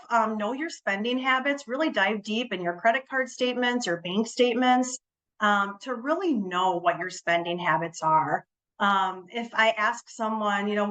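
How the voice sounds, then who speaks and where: A woman who works as a financial advisor, giving a relaxed webinar presentation, explaining with frequent ums and repeated words and leaning on the key words. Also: mid-range voice, poor audio. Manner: leans on key words for emphasis.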